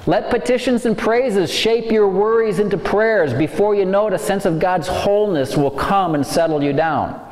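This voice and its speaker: A man giving a faith-based lecture on stress, animated and acting out worried inner voices. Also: high voice, moderate pace, hardly any pauses. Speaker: speaker. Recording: echoey hall, faint ambience.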